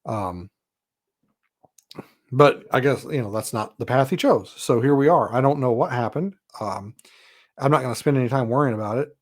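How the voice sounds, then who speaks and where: A man's voice: medium pitch, moderate pace, long pauses. Rambling, plain-spoken male podcast host. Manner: rambling, leans on "you know" and "uh" fillers, frank and exasperated. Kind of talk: casual monologue.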